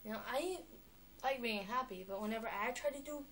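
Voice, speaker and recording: A young girl talking on a vlog, chatty and animated, with lots of filler words. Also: fairly high pitch, a little fast, noisy background. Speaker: vlogger. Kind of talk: rambling vlog monologue.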